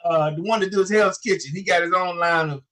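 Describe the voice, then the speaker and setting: Man, 40s, high voice, chatty storyteller who acts out dialogue. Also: brisk. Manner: animated storyteller, acts out quotes, many fillers. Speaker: podcast co-host. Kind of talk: casual storytelling chat.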